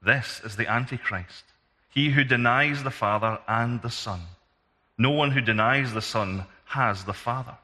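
A man with a Scottish accent reading scripture aloud in a steady, measured way in a church. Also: medium pitch. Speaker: scripture reader. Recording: long hall reverb.

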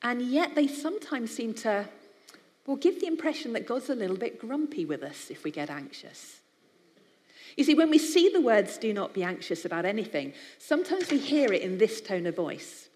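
A woman's voice: on the high side, very animated, moderate pace, darkish tone. A woman from the United Kingdom preaches to an audience, keeping it conversational and personal. Her voice carries the long reverb of a big hall. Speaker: speaker for a biblical counselling charity. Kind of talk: sermon-style talk to a live audience.

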